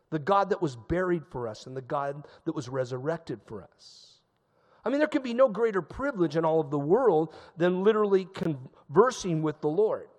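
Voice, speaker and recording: A man's voice: high voice, big-room sound. A male pastor preaching a sermon in a church sanctuary, telling a story in a conversational way and stressing points by repeating them. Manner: conversational storytelling, emphatic repetition.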